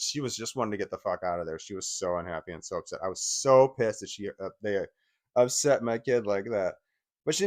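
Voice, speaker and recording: A man in his forties giving an angry, profane personal rant, often stumbling and restarting his sentences. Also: mid-range voice. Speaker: vlogger.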